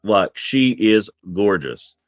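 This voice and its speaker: A man's voice: fairly low pitch, sing-song, takes it slowly, no room sound, lo-fi sound, faint music behind. A man narrating as game master of a tabletop game in a casual, rambling way, with many ums.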